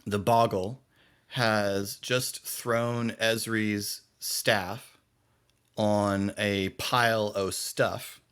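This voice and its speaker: A man running a tabletop game as game master, his voice sitting a little low. He narrates in a halting way, with plenty of "uh" and "like" as he works out the scene. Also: steady tone, a bit bright, clear, resonant tone. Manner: halting, filler-laden narration.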